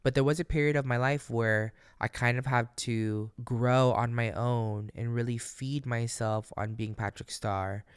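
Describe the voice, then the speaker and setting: A man talking through a casual solo podcast, candid and emphatic, swearing freely and speaking straight to his listeners with motivational encouragement. His voice is smooth and clear, recorded close and dry. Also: mid-range voice, steady tone, a little slow, hardly any pauses, dry recording. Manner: motivational, addresses listeners directly. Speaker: podcast host.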